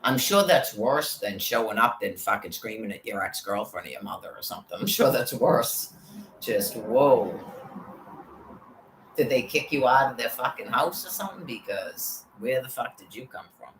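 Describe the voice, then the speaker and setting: In a rambling personal rant, a woman vlogger recounts being harassed, agitated and full of profanity. Her very deep, slightly bright voice is animated at a moderate pace, and the room sounds roomy with faint background noise.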